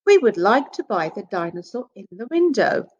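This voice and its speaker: A woman's voice: mid-range voice, very animated, normal speed, breathy edge, muffled recording. A woman voicing a jolly, slightly clumsy father pig in a children's story. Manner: jovial, chuckling.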